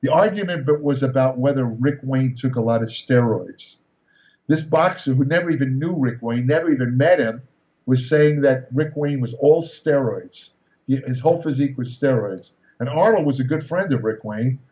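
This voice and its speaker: A podcast guest in his sixties rambles through casual anecdotes, full of restarts and fillers. His medium-pitched voice is a little mellow and moderately paced. The recording sounds distant, roomy and dull.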